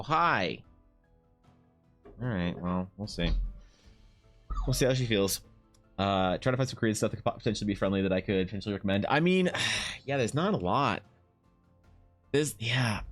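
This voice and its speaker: Man, low voice, casual livestream chatter, filler-heavy, soft music underneath. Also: animated, normal speed, long pauses. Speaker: art streamer.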